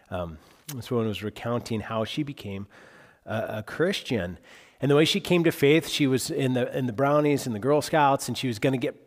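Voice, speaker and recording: A male pastor delivering a sermon in an expressive preaching manner, speeding up for retold dialogue and going quiet for emphasis. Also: mid-range voice, long reverb tail.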